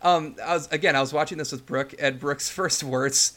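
Bright-voiced young man chatting. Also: a little high, steady tone, normal speed. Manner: laughing, many restarts. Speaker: podcast co-host. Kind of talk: casual chat.

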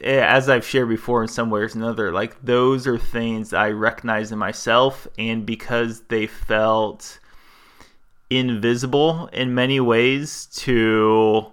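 A man on a podcast talks slowly and reflectively, often breaking off and restarting his thoughts. His voice is bright and forceful, with a smooth, resonant tone, and he sits a little low in pitch. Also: fairly even intonation. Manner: thoughtful, searching, with many restarts. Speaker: podcast co-host.

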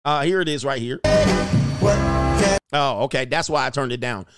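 A man's voice: medium pitch, normal speed, over loud music. A man commentating on videos in a mocking, casual way, chuckling as he goes. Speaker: YouTube commentator.

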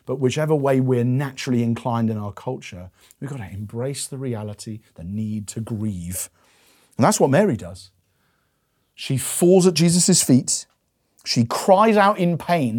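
A man preaching a sermon, moving between hushed, slow passages and raised, pleading emphasis. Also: a little high, expressive, breathy edge.

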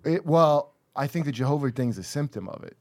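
A man's voice: on the high side, animated, a little fast, a little mellow, dry recording. Rambling man in dry-sounding banter. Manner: rambling, trailing off, laughing often. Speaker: podcast co-host. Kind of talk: casual comedy banter.

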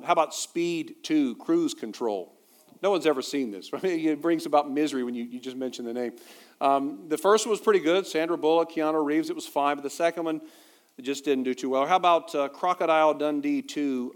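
Conversational male pastor preaching. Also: medium pitch. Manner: conversational with humorous asides. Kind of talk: sermon.

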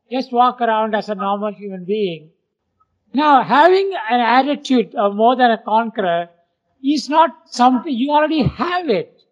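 A man teaching an informal Bible class in an earnest, emphatic way. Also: very high-pitched. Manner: earnest, emphatic, acts out quoted voices. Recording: dull lo-fi recording.

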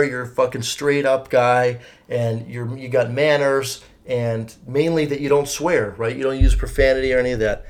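Rambling, foul-mouthed young podcast host. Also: male voice, mid-range voice, darkish tone. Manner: rambling, profane, self-correcting. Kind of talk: casual solo podcast monologue. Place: home room, partly soundproofed.

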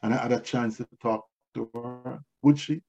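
Husky-voiced man preaching a sermon. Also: medium pitch, steady tone, moderate pace, warm tone, muffled recording. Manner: repeats key phrases for emphasis; tells personal stories to make points. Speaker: pastor.

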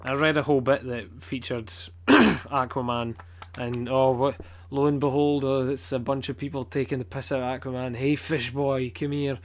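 A man's voice: medium pitch, level tone, moderate pace, few pauses. A man with a Scottish accent chatting casually as a podcast co-host, blunt, swearing a lot and rambling with plenty of fillers. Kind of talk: casual chat.

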